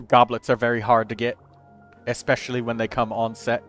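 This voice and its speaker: A man's voice: medium pitch, monotone, brisk, soft background music. A man hosting a game livestream, reviewing viewers' characters in casual, chatty commentary and thinking aloud as he counts numbers.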